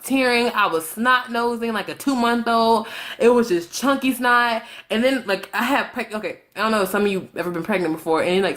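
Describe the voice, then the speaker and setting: A young woman telling a breakup story on her vlog, animated and dramatic, swearing freely and acting out both sides of the story. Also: medium pitch. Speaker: vlogger.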